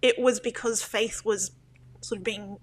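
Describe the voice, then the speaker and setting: A woman's voice: medium pitch, fairly even intonation, measured pace, slightly rough. A middle-aged woman, a former church elder, recalling her past in a reflective, hesitant way with many restarts. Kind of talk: interview.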